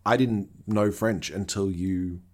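A podcast co-host chatting casually about a TV episode with relaxed, playful asides. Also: low-pitched, slow. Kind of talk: casual chat recapping a TV episode.

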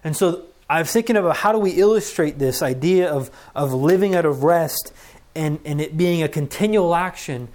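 A middle-aged man preaching a sermon as pastor, earnest and conversational, acting out deep breaths. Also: normal speed, a little mellow.

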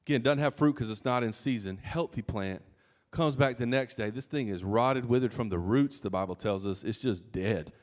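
A man's voice: medium pitch, normal speed, darkish tone. A man preaching a sermon in a casual, conversational way, with asides and restarts. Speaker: pastor.

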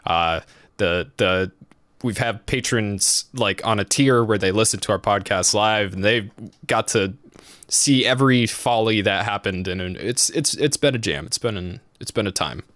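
A man's voice: lowish voice, unhurried, a bit bright, dry recording, studio quality. A man co-hosting a casual podcast, loose and chatty, swearing freely and restarting sentences often. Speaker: podcast co-host.

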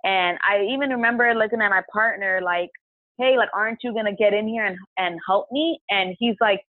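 A woman's voice: medium pitch, fairly quick, no room sound. Woman on a tinny phone line. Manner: chatty, heavy use of "like", retells her own past words aloud. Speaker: podcast guest. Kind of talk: casual personal storytelling.

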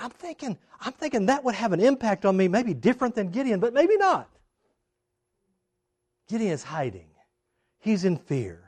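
A man preaching a sermon, acting out the people in the story with big swings in loudness and emphasis. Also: moderate pace, long pauses, breathy edge. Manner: animated, acts out quoted voices with big swings in pitch and loudness. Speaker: pastor.

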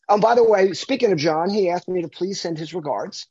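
A man's voice: sits high, brisk, husky, dry recording. A man from the United States, a marketing consultant, talking animatedly as a guest in a casual interview, often restarting his sentences. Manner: animated, repeats words when restarting. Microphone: video call. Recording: dull lo-fi video call audio.

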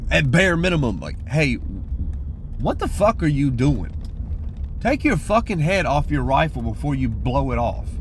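A man's voice: mid-range voice, a little hiss or hum. A man giving a blunt, profane, casual monologue, talking like a shooting-sports commentator.

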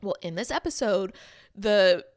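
A woman's voice: medium pitch, measured pace, no room sound. Chatty young woman, dry close sound. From Texas. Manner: chatty, laughs often, animated storytelling. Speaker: podcast co-host. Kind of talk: casual chat.

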